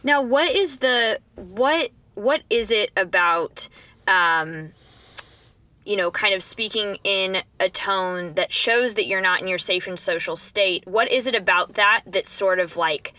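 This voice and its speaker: A woman's voice: medium pitch, unhurried, pushed and bright, no room sound. A woman interviewing a guest, giving short affirmations and asking probing follow-up questions. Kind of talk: conversational interview.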